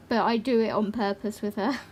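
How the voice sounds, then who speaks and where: A woman hosts a colouring livestream, chatting casually while she works, rambling a little and quick to laugh. Her voice is medium-pitched with a darkish tone, and there's a little hiss or hum in the audio.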